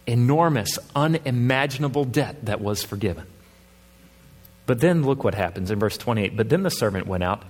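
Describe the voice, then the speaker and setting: Husky-voiced male pastor preaching in a reverberant church. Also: medium pitch, lively intonation, moderate pace. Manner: earnest, reasoning with the congregation, rising emphasis. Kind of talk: sermon.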